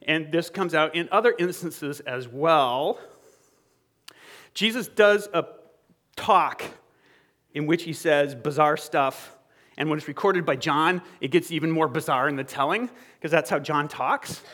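A man preaching a sermon in an animated, conversational way, acting out quoted dialogue and checking in with the congregation. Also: on the high side.

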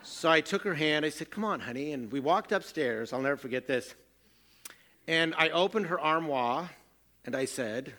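A middle-aged pastor preaches a sermon in a bright, clear-edged voice that's on the high side and fairly quick. Earnest and self-deprecating, he slips into family anecdotes to make his point.

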